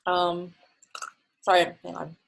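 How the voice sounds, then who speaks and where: A young woman with a somewhat low voice runs a casual online coding class over a video call. She talks in a relaxed, chatty way, full of fillers and small laughs. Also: slow pace, creaky, poor audio. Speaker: coding instructor.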